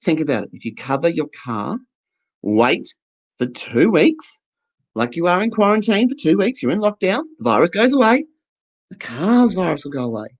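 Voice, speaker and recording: A man's voice: fairly high pitch, big pitch swings, moderate pace, rough recording. A man doing a stand-up comedy set to camera, chatty and playful, acting out little scenes.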